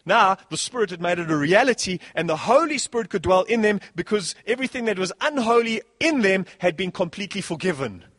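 A man preaching a sermon as pastor, animated, swinging between soft passages and loud bursts. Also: high voice, fairly quick, few pauses, breathy edge, dry recording.

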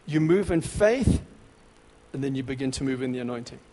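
A man preaching a sermon, exhorting in short emphatic repeated phrases that grow louder and more excited. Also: medium pitch, a little fast, in a large hall.

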